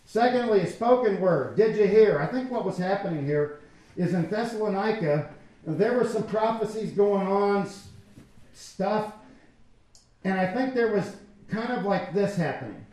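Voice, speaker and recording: A man's voice: high voice, lively intonation, unhurried, mellow. A man preaching a sermon as pastor, talking conversationally and acting out quotes from people. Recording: echoey church hall.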